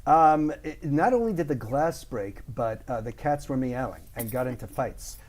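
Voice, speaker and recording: A man's voice: mid-range voice, expressive, a little mellow. Joking Canadian man, guest impressionist. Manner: jokey, quick with punchlines. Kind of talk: casual interview chat.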